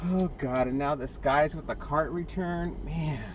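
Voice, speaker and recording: A man with a slightly high voice talks his way through a drive, chatty and quick to joke and exclaim at other drivers. Car and street noise runs clearly under his voice from the dash cam inside the vehicle. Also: animated, recorded from a distance. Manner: chatty, joking, exclaims at traffic. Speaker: delivery driver vlogger. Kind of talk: casual driving commentary. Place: inside a car in Las Vegas. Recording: noisy car interior.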